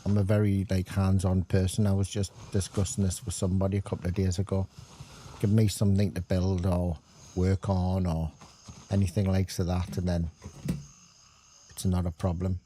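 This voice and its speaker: A man's voice: low-pitched, flat delivery, normal speed, mellow, a little hiss or hum. A middle-aged man, chatting casually and rambling as he gives gameplay commentary. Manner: chatty, rambling, self-deprecating. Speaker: gaming channel host.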